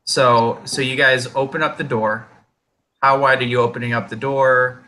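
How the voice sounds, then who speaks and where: A man running a tabletop game as game master, explaining scenes in an unhurried, patient way with many fillers. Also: mid-range voice, fairly even intonation, sharp tone, a little hiss or hum.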